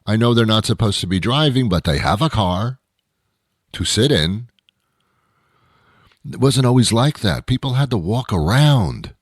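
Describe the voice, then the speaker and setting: Host, male, very low voice, dry close sound, wry rambling monologue. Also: animated, breathy edge, dry recording. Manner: wry, rambling, with dramatic pauses. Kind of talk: comedic monologue.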